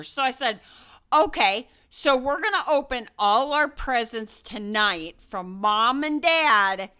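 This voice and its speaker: Older woman, grandmother, chatty rambling storyteller, bright tense voice, smooth clear tone. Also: a little high. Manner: chatty, rambling, frequent fillers and laughs. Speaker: gaming channel host. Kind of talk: casual storytelling chat.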